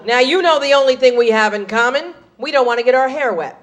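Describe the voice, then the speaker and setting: A woman in her thirties doing brash, animated storytelling in a stand-up set. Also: high-pitched, fast talker. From USA. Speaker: stand-up comedian. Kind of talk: stand-up comedy.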